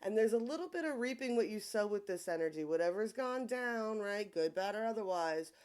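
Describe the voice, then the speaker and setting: A woman's voice: mid-range voice, expressive, brisk, a little mellow, smooth. A woman with a Long Island accent giving a casual tarot reading, chatty and profane, often tagging her points with a questioning "right?". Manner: chatty, keeps asking "right?", swears freely. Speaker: tarot reader.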